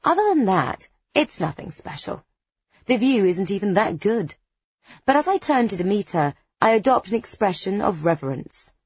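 A woman's voice: medium pitch, sing-song, moderate pace, breathy edge, dry recording, dull audio. A woman narrating a first-person story in a wry, conspiratorial tone with dry understatement. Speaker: audiobook narrator.

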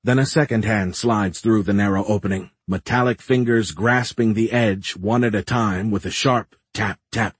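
Brief: male narrator for a first-person sci-fi audiobook, low husky voice, measured and tense. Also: no room sound.

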